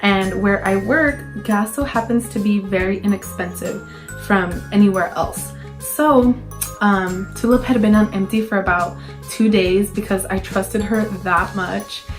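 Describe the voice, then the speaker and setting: A woman's voice: medium pitch, unhurried, faint music behind. Chatty young woman telling a story. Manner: chatty, lots of fillers, acts out her own panicked quotes. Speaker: vlogger. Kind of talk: casual story time.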